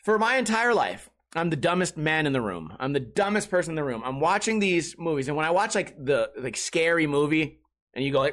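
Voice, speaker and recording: A man's voice: fairly high pitch, big pitch swings, brisk, a bit bright. A man rambling casually through a podcast monologue, swearing and joking about movies. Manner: rambling, profane, jokey movie talk. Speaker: podcast host.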